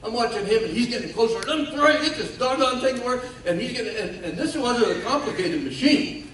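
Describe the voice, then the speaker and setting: A man's voice: very high voice, expressive, brisk, fairly bright tone. An older man gives a speech as guest speaker, telling his story in a folksy way with self-mocking humor. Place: large hall at a ceremony. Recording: echoey hall from far off, faint noise.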